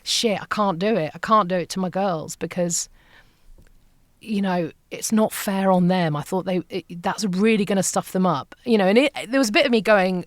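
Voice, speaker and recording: A middle-aged woman, a podcast guest, telling a personal story with emotion, often halting and repeating herself. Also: medium pitch, no echo, studio quality.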